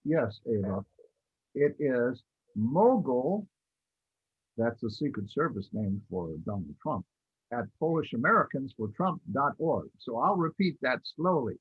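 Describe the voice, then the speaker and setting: A man co-hosting a scripted talk show, effusive in manner and spelling out addresses slowly. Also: medium pitch, sing-song, slightly rough, no room sound. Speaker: co-host. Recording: dull lo-fi recording, dry.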